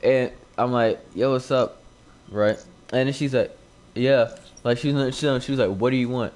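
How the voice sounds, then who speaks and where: Speaking into a new desk microphone at home during a live gaming stream, a young man who makes gaming YouTube videos rambles through a casual story packed with "like" and acts out the lines he quotes. His mid-range voice has a darkish tone, fairly even intonation and a normal speed.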